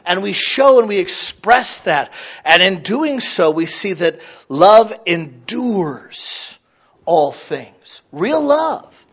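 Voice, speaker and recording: A man in his thirties preaching a sermon, animated and acting out little scenes in other voices. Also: high voice, slow, breathy edge, lo-fi sound. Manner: animated, mimics voices for illustrations. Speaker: pastor.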